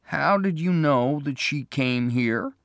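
A man playing a patient small-town sheriff who asks questions in a measured way. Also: on the high side, lively intonation, creaky, no room sound, studio quality, pitched above the performer's own voice, full character voice. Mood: questioning.

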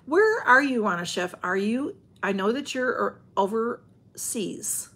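A woman's voice: a little high, animated, a little slow, a bit bright, breathy edge. A woman chatting on a livestream from home, rambling and greeting viewers by name as she reads their comments. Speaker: livestream host. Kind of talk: casual livestream chat.

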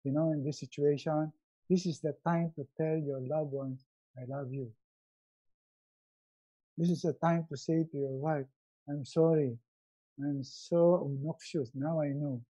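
A middle-aged man giving a motivational webinar talk, acting out quotes in a raised, animated voice. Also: a little high, a little slow, pauses often, highs cut off. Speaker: motivational speaker.

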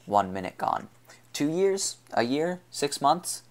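A man reading the part of a hardened young man on the run, asking questions in a steady, measured way. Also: on the high side, pitched above the performer's own voice. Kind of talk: audiobook character reading.

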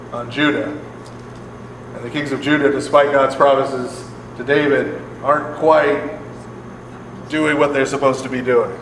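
A man's voice: mid-range voice, fairly bright tone, echoey room, big-room sound, slight background noise, rough recording. A man, a priest, leading a live Bible study for a group, conversational and often laughing, checking in with his listeners. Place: large hall with a live group.

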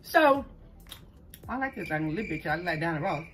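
With a lowish, animated, slightly bright voice, a middle-aged woman from New Orleans, Louisiana, tells a story while eating on camera in her green-screen home setup. Her Southern accent has a New Orleans tinge; she speaks fast, stumbles over her words, and calls listeners "child". A little background noise is audible.

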